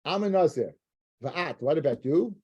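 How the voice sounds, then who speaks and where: A man's voice: on the high side, expressive, moderate pace, darkish tone, husky, no room sound, muffled recording. A man teaching a Talmud class, reading Aramaic phrases aloud, translating them, and often repeating himself as he works through a passage.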